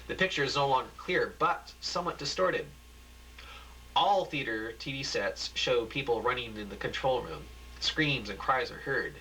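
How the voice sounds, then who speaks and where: Man reading a script haltingly. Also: medium pitch, bright, forceful tone, a little hiss or hum, poor audio. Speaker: narrator. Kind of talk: reading a homemade script aloud.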